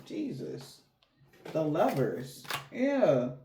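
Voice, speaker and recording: A woman's voice: sits low, very animated, drawn-out words, very noisy. Slangy woman giving a tarot reading. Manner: slangy, rambling, talks straight to the viewer. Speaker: tarot reader.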